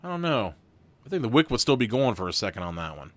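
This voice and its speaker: A man's voice: mid-range voice, big pitch swings, quick pace, fairly bright tone. A young man hosting a live gamebook session, reading aloud and chatting casually, laughing often and swearing now and then. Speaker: host and narrator of a gamebook played live with chat votes.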